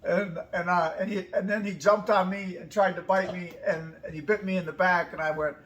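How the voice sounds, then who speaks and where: A woman's voice: on the low side, fairly even intonation, brisk, a little hiss or hum. A woman in her fifties telling a personal story in a casual, emphatic way, acting out both sides of each exchange. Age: 50s.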